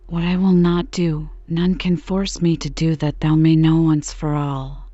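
A woman's voice: low-pitched, little pitch movement, a little slow, warm tone, no room sound. A woman reading the part of a proud, defiant young village woman, firm and pleading, on a slightly dull recording.

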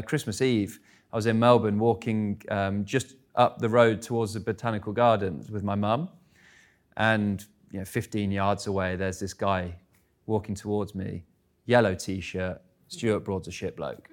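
Chatty English man telling stories. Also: on the low side. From England. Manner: chatty, self-deprecating, laughs at own stories. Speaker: guest speaker. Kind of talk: live stage interview, storytelling. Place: live event stage.

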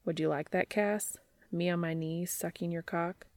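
A woman voicing a brash, eager adult man, speaking in a hushed, urgent way in an amateur audiobook reading. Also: on the low side, fairly even intonation, moderate pace, no room sound, lightly acted.

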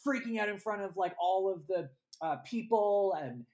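A podcast co-host in casual movie review chat, animated and acting out scenes from the film. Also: medium pitch, moderate pace. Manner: animated, acts out scenes in quoted voices.

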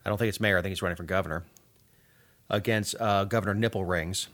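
A man's voice: deep voice, steady tone, quick pace, fairly bright tone. A middle-aged man from Georgia co-hosting a casual political talk show, sarcastic and rambling, with frequent restarts.

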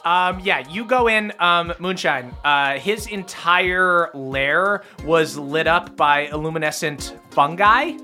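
A man's voice: fairly high pitch, slow pace, few pauses, pushed and bright, soft background music. A man game master narrating a tabletop game in a casual, filler-heavy way.

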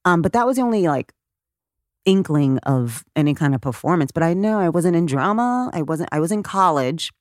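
Low-voiced woman telling animated stories. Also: normal speed, dry recording, studio quality. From Texas, United States. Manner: animated, laughs often, acts out quoted voices. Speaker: guest. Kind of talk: conversational interview storytelling.

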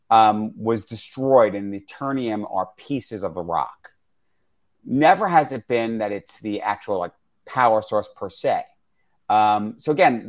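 A man co-hosting a casual film review chat, rambling and repeating words as he starts his points. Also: medium pitch. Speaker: podcast co-host.

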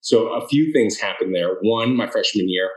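A man's voice: fairly low pitch, moderate pace, echoey room, low-quality recording. A man from the Boston area answering interview questions, telling his story earnestly and with lots of restarts. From Boston area, Massachusetts. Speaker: author guest.

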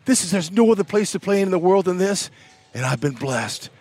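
An older man in his sixties with a slightly high voice tells sports stories in an excitable, folksy way. He throws in "man" a lot and keeps the energy up. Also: a little fast. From California. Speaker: guest broadcaster, former ballplayer. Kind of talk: animated storytelling in a sports talk interview.

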